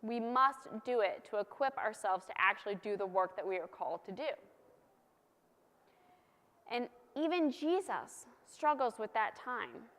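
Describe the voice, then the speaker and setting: A woman's voice: on the high side, lively intonation, unhurried, fairly bright tone. A woman preaching a sermon in a conversational, playful way, hammering key points through repetition. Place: church. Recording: long church reverb.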